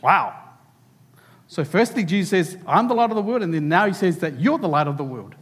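High-voiced pastor preaching. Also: male voice, fairly quick, breathy edge, long reverb tail. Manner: animated preaching, addressing children directly. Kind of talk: sermon to a church. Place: church hall.

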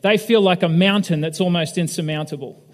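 A man's voice: high voice, a little fast. A male pastor giving a candid, conversational sermon in a church hall and putting questions to his audience. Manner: candid, self-deprecating, asks the audience questions. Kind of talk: conversational sermon with personal story. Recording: long reverb of a large hall.

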